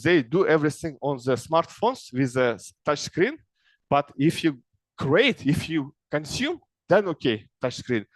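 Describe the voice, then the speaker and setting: A middle-aged man from Kazakhstan, giving an informal lecture in broken English to young people and often checking in with a quick "yes?". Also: on the high side, big pitch swings, no room sound. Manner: broken English, frequent "yes?" tag questions. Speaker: speaker advising young people.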